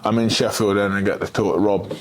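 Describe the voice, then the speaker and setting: Guy in his 30s, lowish voice, blunt slangy podcast storytelling. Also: steady tone, brisk, a little hiss or hum. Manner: blunt and candid, with swearing and slang. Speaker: guest, boxer. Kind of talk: casual storytelling chat.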